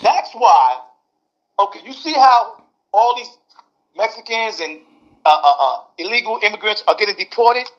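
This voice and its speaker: Older guy ranting on a podcast, high pitched and sharp, kinda muffled audio. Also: normal speed, pauses often. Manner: animated, mimics voices, repeats words. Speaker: guest. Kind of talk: heated podcast commentary. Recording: dull lo-fi audio.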